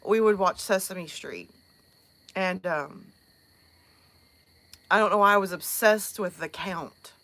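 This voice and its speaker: A woman's voice: lowish voice, slow pace, pauses often, pushed and bright. A woman from the American South with a Southern accent, chatting casually on a live stream, rambling and laughing with plenty of fillers. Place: outdoors at night.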